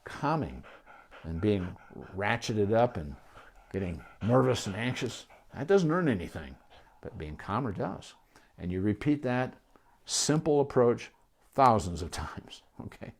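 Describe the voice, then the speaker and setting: Brief: male vet teaching dog owners, animated delivery, lowish voice that swings wide, goes quiet for gentle praise. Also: measured pace, vocal fry, slightly rough. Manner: animated, with many restarts and asides; drops to a soft voice for calm praise. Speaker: veterinarian. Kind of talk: casual instructional talk to camera.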